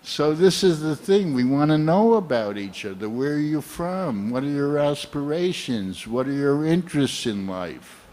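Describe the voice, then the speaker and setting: A man in his seventies from the United States, giving a slow, earnest and heartfelt sermon full of personal anecdotes. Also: fairly high pitch, animated, mellow. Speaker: guest speaker at a temple program.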